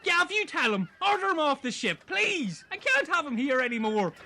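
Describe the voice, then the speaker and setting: A man in improvised comedy role-play, excitable, rambling and crude. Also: very high voice, moderate pace. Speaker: castaway fisherman character in comedy improv.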